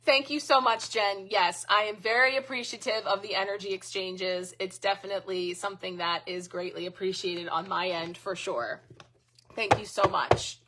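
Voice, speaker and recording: Bright, chatty woman reading cards live. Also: mid-range voice, steady tone, moderate pace. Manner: chatty, thanking viewers by name and laughing often. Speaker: card reader hosting a live stream. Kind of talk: casual live-stream chat.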